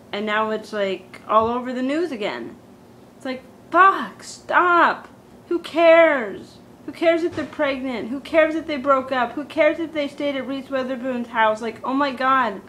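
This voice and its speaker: A woman's voice: fairly high pitch, a bit bright, slight background noise, poor audio. A woman doing a comedic valley-girl monologue, full of "like" and "totally," ranting with exaggerated drama.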